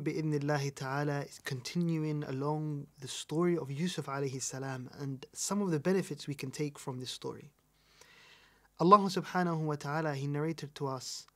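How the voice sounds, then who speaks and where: A man with a British accent giving an Islamic lesson. He talks emphatically, repeats his key points and asks rhetorical questions. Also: fairly high pitch. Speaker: Islamic teacher. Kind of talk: recorded religious lesson.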